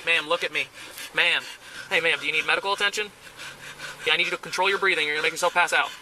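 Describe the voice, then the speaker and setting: A man's voice: a little high, fairly even intonation, very fast, pushed and bright, poor audio. A male police officer giving stern, impatient orders at a roadside traffic stop, recorded on a body camera outdoors. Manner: stern, impatient, repeats short commands. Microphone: body-worn camera.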